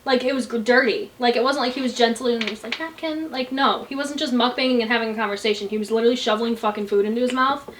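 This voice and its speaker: A young woman with a fairly high voice, hosting a loose casual chat. She talks bluntly and with lots of energy, and she swears freely. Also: steady tone, very fast, hardly any pauses, background noise. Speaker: channel host.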